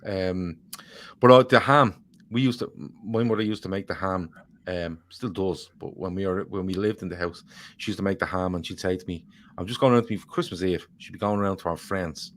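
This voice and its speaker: Lowish-voiced man, rambling banter. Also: fairly even intonation, fairly quick, a bit bright. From Ireland. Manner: rambling, swears freely, jokey banter. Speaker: podcast co-host reading viewer comments. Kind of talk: casual chat.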